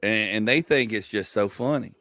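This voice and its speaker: A comedian from Georgia with a Southern accent tells comic stories on a live chat show, acting out quoted dialogue and swearing casually. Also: male voice, fairly low pitch, normal speed, fairly bright tone, no room sound. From Georgia, USA. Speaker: comedian and co-host.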